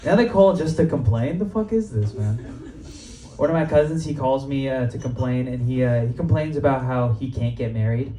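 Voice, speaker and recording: A man's voice: mid-range voice, lively intonation, moderate pace, mellow, a little hiss or hum. Casual, profane young male stand-up comic. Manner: casual, profane, laughs at his own jokes. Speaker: stand-up comedian. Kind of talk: stand-up comedy set. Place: comedy club stage before a live audience. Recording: roomy live club sound, mic at a distance, crowd. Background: audience laughter and cheers.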